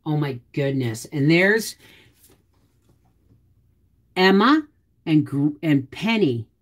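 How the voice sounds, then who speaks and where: Sorting through old photos, a middle-aged woman hosting a casual homestead vlog talks slowly to herself and her audience, her pitch swinging widely and erupting now and then into sudden loud, high exclamations.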